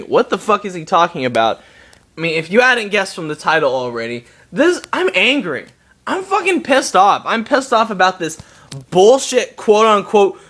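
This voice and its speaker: A man's voice: sits high, a bit bright. A young man delivering a heated, profane gaming rant to camera, repeating himself and restarting his sentences. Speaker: gaming vlogger.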